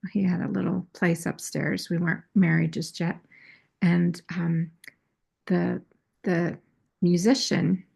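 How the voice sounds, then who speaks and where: A woman hosting her own channel, talking candidly and self-critically about her past. Her voice sits fairly low and is thick with gravelly fry and a husky edge. She often restarts her phrases as she tells the story. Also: a little mellow. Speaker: astrology and tarot channel host. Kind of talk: casual confessional talk.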